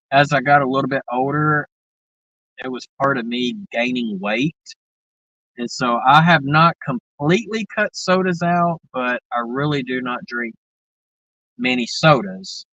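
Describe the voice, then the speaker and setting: A man's voice: medium pitch, pushed and bright, no echo, highs cut off. A man from the American South with a Southern accent, hosting a livestream and chatting to viewers in a rambling, drawling way full of fillers. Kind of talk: casual chat.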